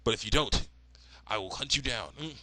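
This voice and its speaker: A man's voice: mid-range voice, lively intonation, brisk, sharp tone, dry recording. A man voicing a dismissive mother who scolds and brushes off her daughter. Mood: threatening. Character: dismissive suburban mother, disbelieving and stern.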